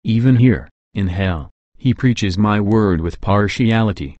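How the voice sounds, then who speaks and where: A man voicing Jesus as a calm, fatherly guide, speaking gently and solemnly in a scripted reading. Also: lowish voice, a little slow, no echo, muffled recording, natural voice.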